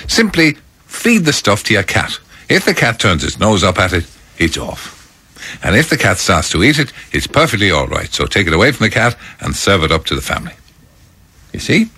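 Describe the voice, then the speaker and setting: A man's voice: low voice, very animated, moderate pace, bright, forceful tone, breathy edge. A man presenting a breakfast radio show from a studio, chatting in a wry, self-mocking, rambling way. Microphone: studio microphone.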